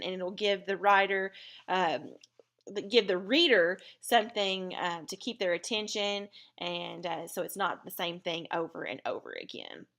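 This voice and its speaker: A woman teaching a recorded writing lesson, explaining clearly and deliberately with occasional fillers. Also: medium pitch, fairly bright tone.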